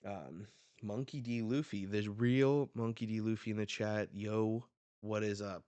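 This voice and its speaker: A man reacting on a live stream as he reads a manga, talking casually and excitedly into a close desk mic. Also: on the low side, a little slow, no echo.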